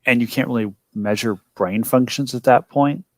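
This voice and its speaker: A man talking as a player at a tabletop game, explaining his ideas in a rambling, animated way with lots of "like"s. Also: mid-range voice, normal speed, dry recording.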